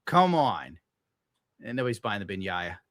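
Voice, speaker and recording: A man's voice: big pitch swings, normal speed, fairly bright tone, no echo, studio quality. A young adult man hosting a casual stream, ranting in an exasperated, sarcastic way with frequent swearing and sudden jumps into outrage. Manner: exasperated, sarcastic, swears often, bursts into high-pitched outrage. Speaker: podcast host. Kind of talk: casual livestream rant.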